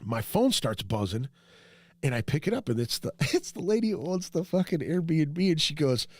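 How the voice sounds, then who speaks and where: A man hosting a podcast who tells a rambling, profane, self-mocking story and jumps into high yelps when quoting himself. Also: big pitch swings, normal speed, slightly rough, dry recording. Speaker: podcast host. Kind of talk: casual storytelling monologue.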